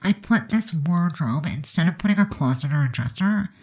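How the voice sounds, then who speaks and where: Low-voiced congested woman, chatty. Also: lively intonation, moderate pace, darkish tone, a little hiss or hum, rough recording. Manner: chatty, rambling, many fillers. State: stuffed up, congested. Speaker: game build narrator. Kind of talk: casual voice-over commentary.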